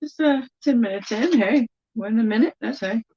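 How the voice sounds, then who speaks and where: A woman co-hosting a live stream, chiming in with short, soft remarks. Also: on the high side, slightly rough, dull audio. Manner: short interjections, slow and soft. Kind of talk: casual chat.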